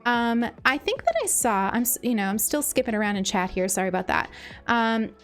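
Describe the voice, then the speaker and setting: Gushing woman streamer over soft music. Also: on the high side, lively intonation, brisk. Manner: gushing and grateful, many ums and restarts. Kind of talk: casual live-stream chat.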